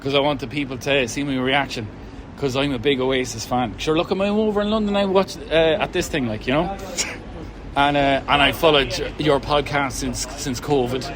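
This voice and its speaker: A man's voice: medium pitch, normal speed. A middle-aged Irish man, tipsy, telling jokey stories in casual chat and swearing freely. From Ireland. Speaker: interviewee, fan. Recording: noisy street recording.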